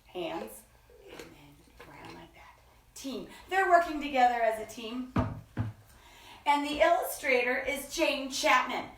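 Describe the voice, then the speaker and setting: A woman hosting a children's story time, reading slowly in a playful sing-song and stretching out her words. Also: high voice, expressive, fairly bright tone, recorded from a distance, slight background noise. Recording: echoey room, voice from off-mic.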